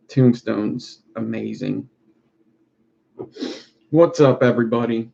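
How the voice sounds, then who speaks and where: A man rambles through a casual live stream in a laid-back, profane way. His voice sits at a middle pitch with a gravelly edge. The audio is dull and lo-fi. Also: measured pace, darkish tone. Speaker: streamer making wire art. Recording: lo-fi muffled recording.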